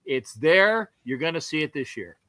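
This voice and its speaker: A man's voice: fairly high pitch, very animated, normal speed, bright, forceful tone. An older man with a Southern US accent, co-hosting a sports podcast in an emphatic, rambling, folksy way. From southern United States. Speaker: podcast co-host. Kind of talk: casual sports podcast chat.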